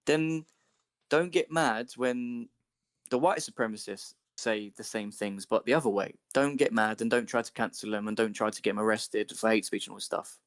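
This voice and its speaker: A man's voice: lowish voice, normal speed, no echo, clean studio sound. Man ranting in casual chat. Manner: ranting, animated, swears freely.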